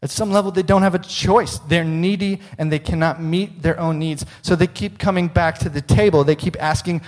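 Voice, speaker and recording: A man preaching a sermon as a pastor, earnest, often dropping soft and low to stress a point. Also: fairly even intonation, moderate pace, hardly any pauses.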